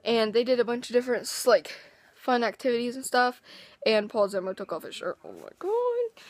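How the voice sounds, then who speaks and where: A teenage girl with a hoarse, worn-out voice, excitedly telling a rambling story in a casual vlog. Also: a little high, fairly quick, dry recording. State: hoarse, lost voice. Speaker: vlogger.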